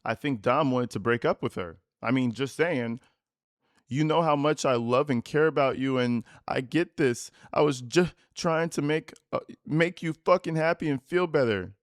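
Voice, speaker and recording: A man's voice: medium pitch, normal speed, dry recording, studio quality. A man hosting a commentary channel, reacting to interview clips in a mocking, profane way. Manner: mocking, profane, reads text messages in put-on voices.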